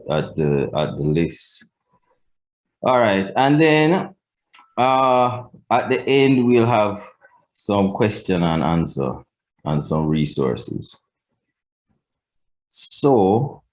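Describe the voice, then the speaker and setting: A man's voice: low voice, a little mellow. A man with a Jamaican accent teaching a live language class in a conversational way, often repeating words as he starts a sentence.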